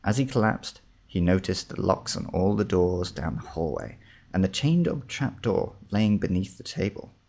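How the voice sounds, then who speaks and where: Casting: male storybook narrator, lowish and gravelly, steady reading. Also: normal speed.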